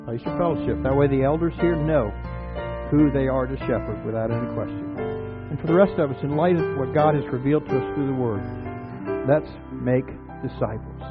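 A man's voice: medium pitch, fairly quick. A man preaching a sermon to his congregation as its pastor, urging them on with earnest repeated exhortations and rhetorical questions. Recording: tinny phone-like sound with faint music.

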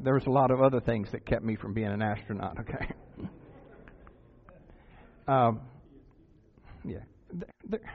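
A man preaching a sermon to his congregation as its pastor, urging them on with earnest repeated exhortations and rhetorical questions. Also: on the high side. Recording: tinny phone-like sound with faint music.

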